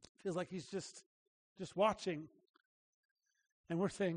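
High-voiced pastor preaching in a reverberant hall. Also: male voice, animated, a little slow, long pauses, a little mellow. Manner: earnest and emphatic, with frequent restarts. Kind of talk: sermon. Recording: long reverb of a large hall.

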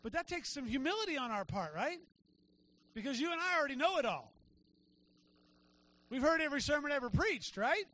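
High-voiced conversational male preacher. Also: very animated, fairly quick, long pauses, sharp tone. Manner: conversational preaching with frequent "right?" asides. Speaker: pastor. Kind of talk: sermon. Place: church sanctuary.

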